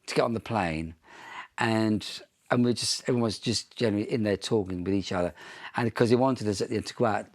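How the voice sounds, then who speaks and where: A man from Ireland, guest in a relaxed interview, winding through long stories full of ums and false starts. His voice sits fairly low, in a conversational, unhurried telling. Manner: chatty anecdotes, frequent ums and restarts. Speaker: interview guest, pop singer. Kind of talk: casual interview storytelling.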